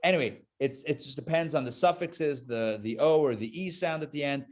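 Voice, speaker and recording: Chatty male reading teacher on a video call, a touch high-pitched, joking while drilling syllables. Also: a little fast. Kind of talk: live online class teaching.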